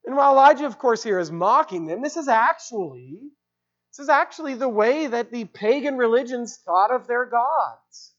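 A woman's voice: fairly high pitch, expressive, normal speed, muffled recording. A woman preaching an expository sermon, stressing her points, asking rhetorical questions and repeating key phrases.

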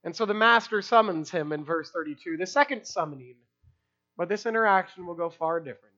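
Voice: medium pitch, animated, brisk, sharp tone, lo-fi sound. A preacher giving an expository sermon in a conversational way, asking rhetorical questions and using casual fillers.

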